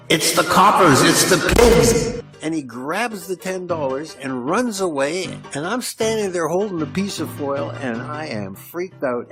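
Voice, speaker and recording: Rambling older Canadian man telling a story. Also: a little high. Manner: rambling, self-mocking, speeds up when excited. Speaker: podcast host. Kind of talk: storytelling monologue.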